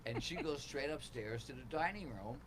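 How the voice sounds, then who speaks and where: A man casually telling a comedy club story, loudly acting out the lines of the people in it. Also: medium pitch, moderate pace, noisy background. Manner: animated storyteller, acts out quotes loudly. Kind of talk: casual chat.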